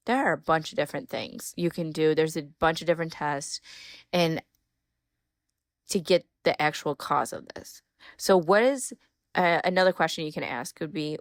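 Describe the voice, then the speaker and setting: A woman who is a mom, hosting a solo podcast, giving direct advice in a coaching manner and repeating key phrases slowly. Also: lowish voice, no room sound, clean studio sound. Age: young adult or middle-aged mom. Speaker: podcast host.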